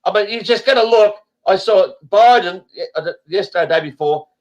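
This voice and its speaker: A man's voice: high voice, normal speed. A man hosting a casual group chat over a video call, blunt and rambling, swearing often. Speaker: host.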